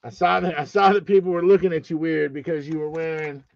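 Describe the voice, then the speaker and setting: A man's voice: a little high, quick pace, creaky, no echo, lo-fi sound. A man hosting a live sports card auction stream, teasing his chat with profane jokes and calling out bids.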